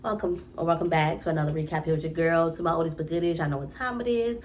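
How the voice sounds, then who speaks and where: Young female recap vlogger, slightly low voice, casual and exasperated, rambling delivery. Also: fast talker, a little hiss or hum. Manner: exasperated, animated, restarts often.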